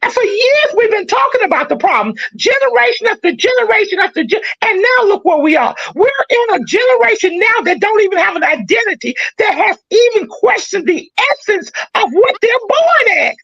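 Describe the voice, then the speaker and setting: Woman, live podcast host, passionate shouting delivery, high voice, swooping pitch. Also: sing-song, normal speed, hardly any pauses, no room sound, highs cut off. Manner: impassioned, preaching, often shouting.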